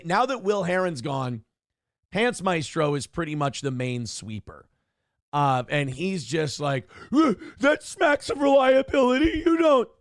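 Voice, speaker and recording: A man's voice: high voice, vocal fry, no room sound, studio quality. A man hosting a stream, ranting in a snarky, smug, mocking way. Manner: mocking, taunting asides. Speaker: streamer host. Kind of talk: casual ranting commentary.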